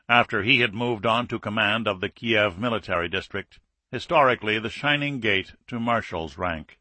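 A man narrating an audiobook thriller in a measured, scripted reading. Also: mid-range voice, sharp tone, no room sound.

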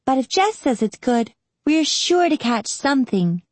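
A woman's voice: on the high side, sing-song, a little fast, a little mellow, husky, no echo, pitched above the performer's own voice. A woman voicing an eager, impatient young girl in an audiobook.

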